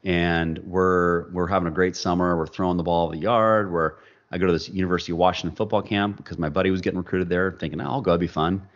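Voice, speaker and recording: Low-voiced guy on a podcast, animated storytelling, kinda muffled audio. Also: fast. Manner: animated storyteller, acts out quoted dialogue. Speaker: podcast guest. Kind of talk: storytelling in casual interview.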